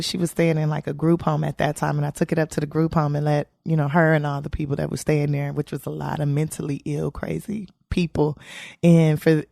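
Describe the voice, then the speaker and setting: A woman comedian is interviewed and tells stories casually, animatedly acting out the voices of the people she quotes. Her voice is low with vocal fry, recorded with studio quality and no room sound.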